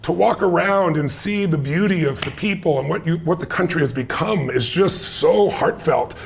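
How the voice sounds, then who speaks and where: A middle-aged American man, an interview guest, telling stories in an emphatic, energetic way. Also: a little high, moderate pace, creaky, slight background noise. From United States. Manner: emphatic and energetic, with repeated short sentences. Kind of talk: animated storytelling in an interview.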